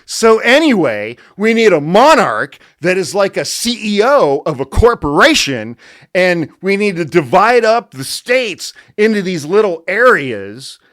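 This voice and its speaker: A man impersonating a smug male pundit who lectures at a party in a loud, eager, droning voice. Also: sits high, big pitch swings, measured pace, voice pushed up, heavily acted. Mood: smug lecturing.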